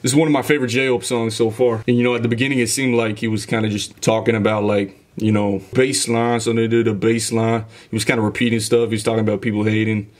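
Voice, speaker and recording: A man's voice: on the low side, level tone, fast, few pauses. A man hosting a music reaction video, talking casually and enthusiastically as he breaks down the rhythm and delivery aloud. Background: music playing behind.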